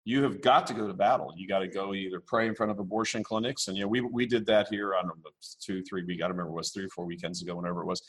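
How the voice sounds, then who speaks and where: A man speaking as a podcast guest, blunt and forceful, repeating himself as he rambles. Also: low voice, fairly even intonation, racing, hardly any pauses, slightly rough. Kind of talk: casual interview.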